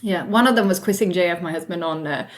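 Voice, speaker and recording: A woman in her thirties co-hosting a podcast, telling a story in lively casual chat and acting out the quoted voices. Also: on the low side, fast. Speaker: podcast co-host.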